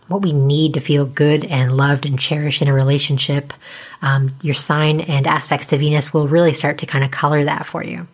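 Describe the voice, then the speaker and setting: Quiet low-voiced woman explaining astrology. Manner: chatty, with many fillers and tag questions. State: losing her voice. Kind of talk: casual explanatory talk.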